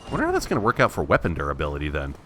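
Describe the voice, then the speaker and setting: A man's voice: a bass voice, huge pitch swings, racing, a bit bright, soft background music. A man thinking aloud in wry, self-mocking let's play commentary, restarting his sentences often. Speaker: gameplay commentator.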